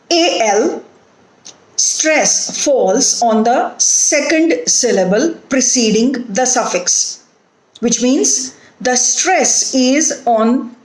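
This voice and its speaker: In an echoey room, a woman with an Indian English accent delivers a recorded phonetics lecture. She speaks deliberately, spelling out letters one at a time, and her voice sits high.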